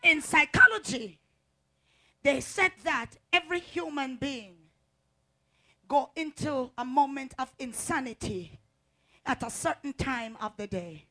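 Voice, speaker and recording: Fervent high-voiced woman preacher. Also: lively intonation, unhurried, pauses often. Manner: call-and-response, swings from low talk to shouting. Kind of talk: fervent sermon.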